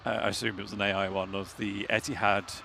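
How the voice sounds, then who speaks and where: A man's voice: lowish voice, flat delivery, quick pace, vocal fry, bright, forceful tone, a little hiss or hum. A man co-hosting a live stream outdoors, bantering, joking and thanking viewers. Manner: jokey, banters and laughs. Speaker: livestream co-host. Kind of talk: casual live commentary. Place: outdoors by an airport runway.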